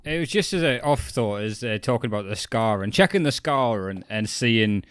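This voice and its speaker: A man's voice: fairly low pitch, lively intonation, moderate pace, a bit bright, smooth. A man co-hosting a casual podcast, joking and swearing as he retells scenes. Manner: joking, profane, acts out scenes in silly voices. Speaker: podcast co-host. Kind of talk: casual chat.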